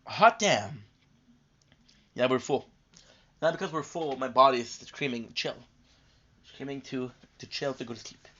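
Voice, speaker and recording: Pausing often and speaking a little slowly, a gaming streamer with a mid-range, slightly bright voice rambles casually during live gameplay. He's tired and getting a cold, and his talk is chatty with lots of fillers and restarts. The dull lo-fi audio carries a little hiss or hum.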